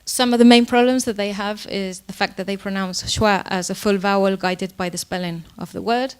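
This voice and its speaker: A woman's voice: mid-range voice, steady tone, normal speed, clear, resonant tone. A woman lecturer giving an academic presentation on pronunciation teaching, explaining with frequent fillers and self-corrections. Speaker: university lecturer.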